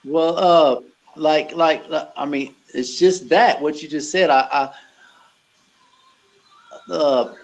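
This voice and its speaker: Gravel-voiced male trainer, a little high, halting and sincere as an interview guest. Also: darkish tone, rough recording. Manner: halting, earnest, many restarts. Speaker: gym owner and personal trainer. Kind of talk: conversational interview.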